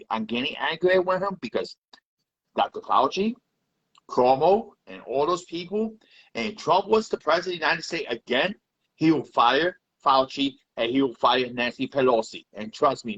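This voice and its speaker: A man's voice: mid-range voice, fairly bright tone, breathy edge, dull audio. A man giving a heated, repetitive rant on a live video. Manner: heated, repetitive, swears often. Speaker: live video chat participant.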